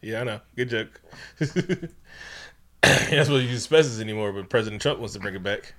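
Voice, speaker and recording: This podcast co-host has a lowish, slightly bright voice and a brisk delivery. He recaps a movie casually and profanely, telling it loosely with plenty of jokes and laughter.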